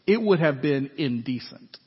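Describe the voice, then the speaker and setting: A pastor preaches an animated, conversational sermon at a moderate pace, often making asides to check in with his congregation. His voice is high and a little husky. The dull, lo-fi recording carries long reverb from an echoey church sanctuary.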